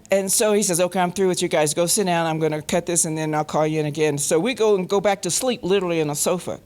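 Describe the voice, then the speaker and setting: A woman from Colorado, a panel guest, telling anecdotes in a lively way, laughing often and acting out the voices of the people she quotes. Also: fairly low pitch. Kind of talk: anecdotal storytelling. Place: festival panel stage.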